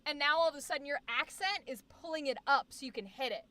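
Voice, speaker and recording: A woman chats casually on a livestream and explains how singers handle vowels. She sings short vowel sounds as examples. Her voice is high and bright. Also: fast talker. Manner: explains singing technique chattily, demonstrating vowel sounds; many fillers and restarts, reads chat aloud. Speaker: streamer.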